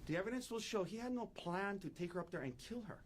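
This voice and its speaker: Animated man giving an opening statement. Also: high voice, quick pace, slight background noise. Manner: animated, emphatic, repeats key points. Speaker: defense attorney.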